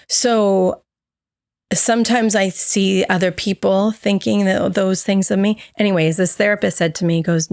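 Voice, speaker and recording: A woman's voice: mid-range voice, a little slow, dry recording, clean studio sound. A woman co-hosting a podcast, candidly telling a personal story and acting out the voices of others in it. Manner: candid, animated, acts out quoted dialogue. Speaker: podcast co-host.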